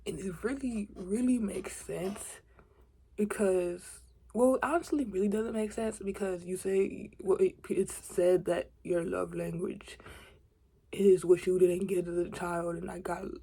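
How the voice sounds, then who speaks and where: A woman's voice: fairly low pitch, fairly even intonation, measured pace, creaky, mellow, breathy edge. A woman of twenty in a casual confiding vlog, rambling and chatty, with asides, self-corrections and dips into a whisper. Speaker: faith vlogger.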